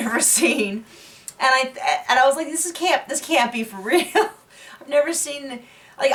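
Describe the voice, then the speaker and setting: A woman's voice: fairly high pitch, recorded from a distance. A woman recapping a reality TV episode in casual, chatty talk, laughing often and full of fillers and restarts. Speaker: recap show host.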